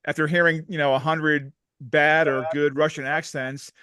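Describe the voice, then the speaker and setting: A man's voice: on the high side, level tone, moderate pace, bright, forceful tone. A man taking part in an acting workshop discussion, eager and thinking aloud as he goes. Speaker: actor in a workshop. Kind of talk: casual group discussion.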